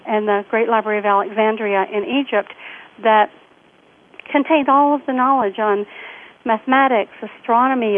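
A woman author being interviewed, telling stories in a rambling way with lots of fillers. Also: on the high side. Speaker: author guest. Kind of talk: animated storytelling interview. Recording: tinny phone line, faint hiss.

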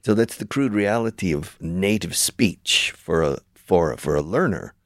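An older man with a very low voice and a gravelly rasp, lecturing emphatically like a veteran teacher. He keeps circling back and restarting phrases to drive each point home, in a dry close sound. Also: expressive, measured pace, no echo. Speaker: show host and language school founder. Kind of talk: conversational interview, teacherly explaining.

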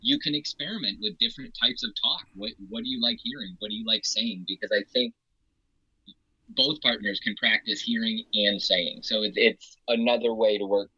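A man with a bright, edgy voice and a husky grain shares playful, eager stories as a podcast guest. The sound is dry and somewhat dull, like lo-fi podcast audio. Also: on the low side, moderate pace, no echo. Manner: playful, eager, laughs often. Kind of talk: casual podcast chat.

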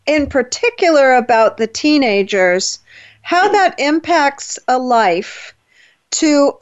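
A woman hosting an interview, asking thoughtful, measured questions. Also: high-pitched, lively intonation, dull audio. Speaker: host.

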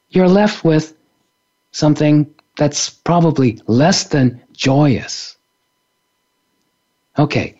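A man's voice: on the high side, dark tone, dull audio. A man, an author and spiritual teacher, giving a playful, reflective talk on a radio show and laughing often. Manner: playful, laughs often, acts out little scenes.

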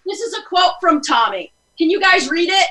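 A woman's voice: extremely high pitch, big pitch swings, moderate pace, pushed and bright. A woman co-hosting a radio talk show, chatting eagerly. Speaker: co-host.

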